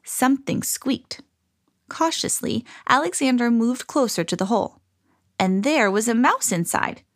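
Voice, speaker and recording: Expressive mom reading a storybook. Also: female voice, a little high, measured pace, no room sound. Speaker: mother reading to children. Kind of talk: storybook read-aloud.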